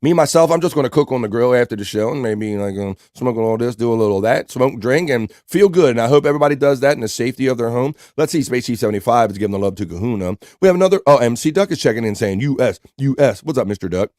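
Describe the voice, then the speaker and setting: A man's voice: medium pitch, lively intonation, quick pace, few pauses, darkish tone, no echo, clean studio sound. A man with an American accent hosting a live stream show, casually reading out chat messages and greeting viewers. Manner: laid-back, reads chat messages aloud. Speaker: livestream host.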